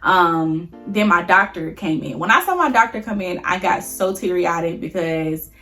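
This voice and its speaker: A woman's voice: lowish voice, animated, unhurried, sharp tone, soft background music. A young woman vlogger casually telling a personal story to her viewers, chatty and emotional, often addressing them as y'all.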